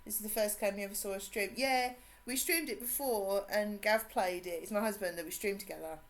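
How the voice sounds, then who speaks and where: An English woman with a mixed Suffolk, Cockney and Brummie accent, chatting casually with viewers as she streams a game, bubbly and quick to laugh. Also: medium pitch. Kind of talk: casual live-stream chat.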